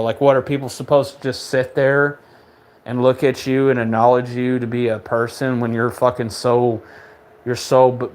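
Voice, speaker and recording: A young man at middle pitch rants in a casual monologue, heavy with swearing and open contempt. He rambles, stammers and restarts his sentences while his anger builds. His voice sits in an ordinary register, neither deep nor high. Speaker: podcast host.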